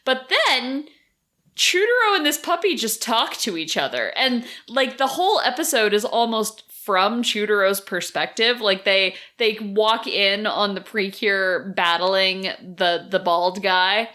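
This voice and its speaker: A woman hosting a podcast in relaxed chat, with a bright, sharp voice. She is playful and enthusiastic, and she teases her co-host. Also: medium pitch, unhurried.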